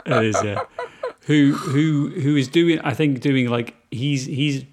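A man's voice: medium pitch, takes it slowly, darkish tone. A British man chatting about films as a podcast co-host, enthusiastic and rambling. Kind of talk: casual film review chat.

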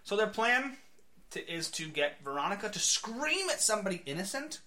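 A man co-hosting a casual podcast, his voice bright and forceful. He talks with lively, sweeping pitch and often jumps into quick character voices. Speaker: podcast co-host. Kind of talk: casual comic book chat.

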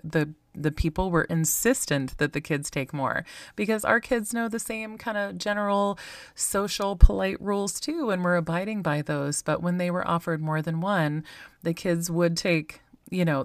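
Woman, podcast host, low voice, reflective, conversational, dry close mic. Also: no echo. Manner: candid, musing, conversational, with frequent ums and likes. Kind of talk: reflective solo podcast talk.

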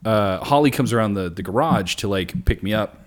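A man's voice: on the low side, brisk. A young man co-hosting a podcast, telling a long story in casual, profane chat and acting out the lines of the people in it. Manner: animated, profane, acts out quotes. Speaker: podcast co-host.

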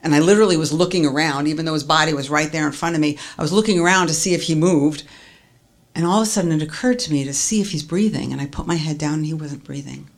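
A woman's voice: low-pitched, fast. A woman earnestly recounting a personal story as a testimony, stringing events together with "and".

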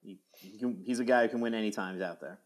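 A man co-hosting a casual golf podcast, speaking in a low-key way with frequent ums and hesitations. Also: fast talker. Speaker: podcast co-host. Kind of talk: casual chat.

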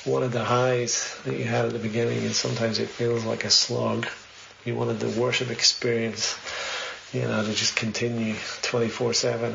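Brief: male preacher, very gravelly voice, earnest and conversational, slightly dull recording with faint hiss. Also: medium pitch. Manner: conversational, earnest, poses many questions. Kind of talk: sermon, Bible reading and reflection.

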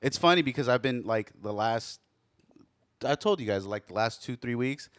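A man's voice: medium pitch, animated, moderate pace, dry recording, clean studio sound. Rambling, swearing man telling stories. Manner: rambling storyteller, swears freely, many restarts. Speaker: podcast co-host. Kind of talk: casual chat.

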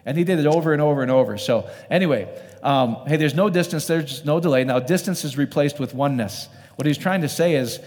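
Man preaching a casual sermon in a reverberant hall. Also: on the high side. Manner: conversational, animated, rhetorical questions.

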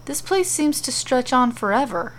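A woman narrating a storybook tale, reading in an animated, playful way. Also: high voice, moderate pace.

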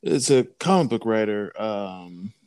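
A man's voice: lowish voice, very animated, a little slow, a little mellow. A man co-hosting a podcast in casual chat, rambling and restarting as he searches for words. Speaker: podcast co-host.

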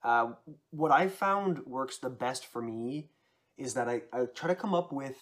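A man's voice: mid-range voice, animated, a little slow, a bit bright. A man in casual chat, thoughtfully explaining tips on voicing characters at length.

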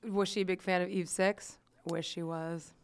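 A woman's voice: lowish voice, flat delivery, normal speed, smooth. A young woman hosting a podcast, chatting casually, giggly and rambling. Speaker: podcast host. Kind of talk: casual chat.

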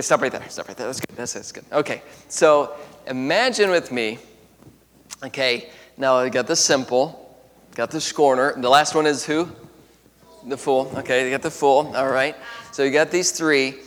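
A man's voice: mid-range voice, measured pace, fairly bright tone. A man leading an interactive Bible lesson for a class. He talks in a chatty way, asks many questions, laughs often and uses lots of fillers. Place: large room with a piano. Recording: echoey hall.

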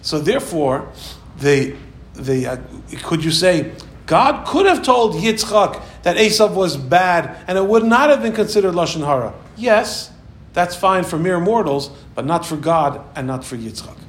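A man teaching a Torah class with a high, lively voice that rises and drops a lot as he acts out the people he quotes. He is recorded in an echoey room with a faint hum behind him. His delivery is animated, like a storyteller's. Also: unhurried.

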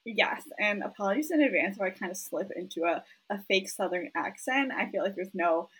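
A woman's voice: mid-range voice, expressive, brisk, fairly bright tone, breathy edge, low-quality recording. A woman co-hosting a book podcast, chatting in a self-deprecating, apologetic way. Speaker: podcast co-host. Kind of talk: casual chat.

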